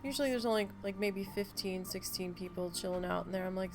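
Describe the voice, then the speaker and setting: Brief: woman streamer, mid-pitched, gravelly edges, chatty rambler who swears freely, faint game music underneath. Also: fairly quick. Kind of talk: casual live-stream chat while playing.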